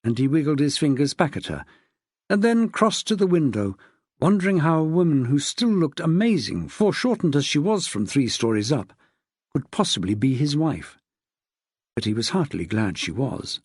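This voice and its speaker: A man narrating an audiobook in an expressive way, shifting his pitch for the characters. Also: moderate pace, husky, dry recording, clean studio sound. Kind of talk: scripted narration.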